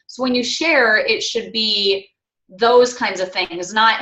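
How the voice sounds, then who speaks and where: A woman's voice: mid-range voice, a little slow, bright, forceful tone, reverberant. A woman coaching her team on a call, chatty and casual, acting out playful quotes.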